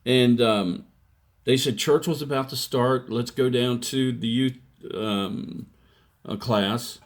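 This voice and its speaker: An older man in his sixties tells his life story at an unhurried, deliberate pace. His speech is plainspoken, and he acts out what people said to him along the way. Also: mid-range voice. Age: 60s. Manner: plainspoken, slow storytelling with re-enacted quotes. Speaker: testimony speaker. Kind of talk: personal testimony, storytelling.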